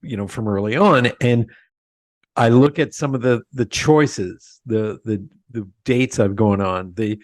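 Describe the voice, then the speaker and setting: A man's voice: fairly low pitch, unhurried, no echo, studio quality. A man hosting an interview show, talking reflectively and speaking straight to his listeners. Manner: reflective, addresses listeners directly. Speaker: podcast host. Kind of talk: casual conversational interview.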